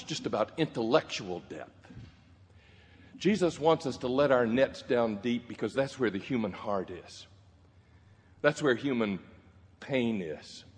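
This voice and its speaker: A man preaching a sermon, telling stories and voicing the people in them with gentle humor. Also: fairly low pitch. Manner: storytelling with quoted voices, gentle humor. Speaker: pastor. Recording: reverberant hall.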